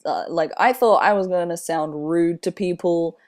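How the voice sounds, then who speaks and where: A young man in his twenties with a slightly airy voice, talking casually in a personal vlog, unhurried and rambling with many fillers. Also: on the high side, a little mellow. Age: 20s. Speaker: vlogger.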